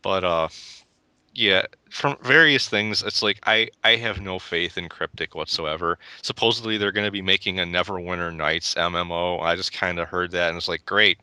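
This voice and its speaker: Young man, gaming podcast co-host, rambling, opinionated, crisp bright tone. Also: low-pitched, steady tone, normal speed, no echo. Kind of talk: casual gaming podcast chat.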